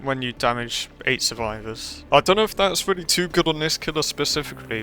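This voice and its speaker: Guy rambling thru a gameplay video, bright clear tone, bit of game music faint behind. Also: medium pitch. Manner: rambling, self-deprecating, chatty. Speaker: gaming channel host. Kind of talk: casual gameplay commentary.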